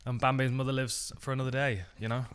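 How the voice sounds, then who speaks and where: A man's voice: mid-range voice, little pitch movement, fast talker, fairly bright tone, clean tone. A man who works as a fight commentator, joking and laughing in a casual podcast chat and swearing freely.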